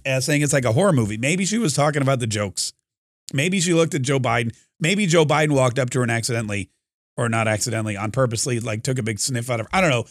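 A man's voice: on the high side, dry recording, studio quality. A man hosting a commentary podcast, talking in a rambling, sarcastic way with many fillers and restarts. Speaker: podcast host. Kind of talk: casual commentary monologue.

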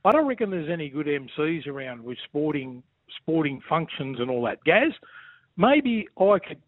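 A rowdy, joking older Australian man comes through a thin, tinny phone line. His voice sits a little high, and he packs every sentence with "mate", with the feel of a man ribbing an old teammate. The sound is dry and close. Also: animated, moderate pace, dry recording. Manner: rowdy, jokey, says mate constantly. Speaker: former rugby league player calling in. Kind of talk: casual banter.

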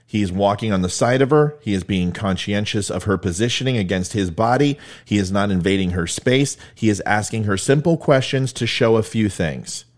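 A man's voice: on the low side, moderate pace, hardly any pauses. A man giving blunt, emphatic video commentary, explaining events step by step. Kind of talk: video commentary on police footage.

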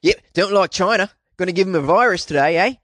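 A man's voice: high-pitched, quick pace, fairly bright tone, dry recording, clean studio sound, pitched above the performer's own voice. A man putting on a drawling mock Aussie bloke. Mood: smug scheming. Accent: put-on Australian. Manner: drawling, tacks on "eh". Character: mock Australian bloke, gleeful scheming prankster.

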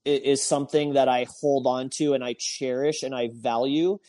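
A man speaking earnestly in a reflective conversation. He often halts and repeats words as he searches for them. His voice has a plain middle pitch. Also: steady tone, moderate pace, dark tone.

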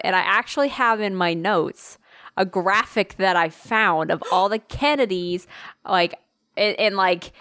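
A woman's voice: fairly low pitch, fairly bright tone, clear, resonant tone. A woman co-hosting a casual podcast, rambling and swearing freely with frequent laughs and restarts. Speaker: podcast co-host. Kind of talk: casual chat.

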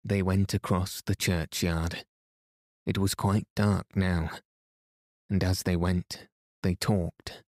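A man reading a classic children's novel aloud as a calm bedtime story host, in an even, unhurried manner. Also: low voice, dry recording, studio quality. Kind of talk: slow soothing bedtime reading.

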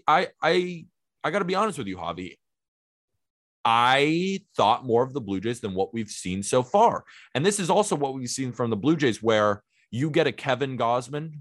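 A man co-hosting a sports podcast, speaking in a measured, analytical way and rattling off numbers. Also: mid-range voice, no echo, clean studio sound. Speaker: podcast co-host. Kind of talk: casual sports podcast chat.

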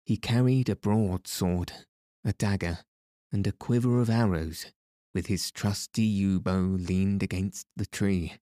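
A man narrating a storybook tale in a measured, even storytelling manner. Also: sits low, dry recording, clean studio sound.

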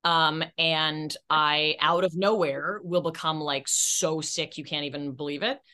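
A woman's voice: low-pitched, fairly even intonation, measured pace, pushed and bright. A woman actress as a podcast guest, telling candid, self-deprecating stories in casual chat.

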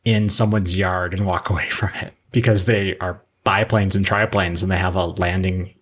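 A man's voice: low voice, fairly even intonation, normal speed, a bit bright, husky. A man co-hosting a podcast, recapping episodes in casual chat, rambling with fillers and restarts. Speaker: podcast co-host.

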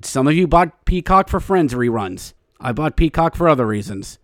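A man hosting a podcast, giving a casual, jokey hockey recap that turns into excitable play-by-play. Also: fairly high pitch, normal speed, no room sound, studio quality. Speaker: podcast host.

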